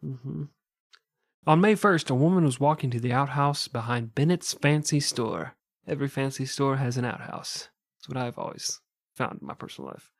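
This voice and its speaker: A man's voice: mid-range voice, lively intonation, moderate pace, no echo, studio quality. A man casually telling a true crime story on a podcast, joking and swearing and laughing often.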